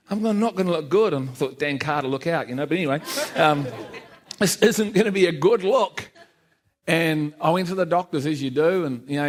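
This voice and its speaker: A middle-aged man gives his personal testimony in church, telling it as a self-deprecating story and acting out the lines of the people in it. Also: fairly high pitch. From New Zealand. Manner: self-deprecating storyteller, laughs often, acts out quoted dialogue. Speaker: church speaker giving testimony. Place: church service.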